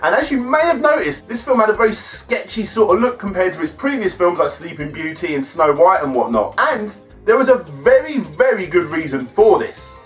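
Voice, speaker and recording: A man's voice: high voice, a bit bright. A man hosting a film and game review, chatty and enthusiastic. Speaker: host.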